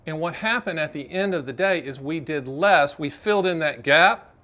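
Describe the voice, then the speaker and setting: A man's voice: on the high side, normal speed, sharp tone. A man, hosting a finance explainer vlog in a chatty, salesy, joking way and talking straight to the viewer. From Southern United States. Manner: jokey, chatty, salesy, addresses the viewer directly. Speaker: annuity advisor and show host. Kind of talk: direct-to-camera explainer vlog.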